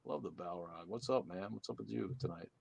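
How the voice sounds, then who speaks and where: A man's voice: deep voice, a little fast, creaky, darkish tone, husky, dull audio. Crude, playful man on a livestream. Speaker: livestream co-host. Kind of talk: casual livestream chat.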